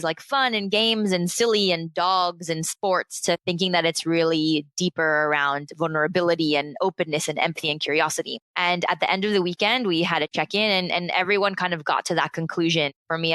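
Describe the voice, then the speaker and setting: American woman, late 30s, interview guest, smooth low voice, dry close sound. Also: dry recording. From United States. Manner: lively, chatty, laughs often. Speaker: guest, founder of a play consultancy. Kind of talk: casual interview storytelling.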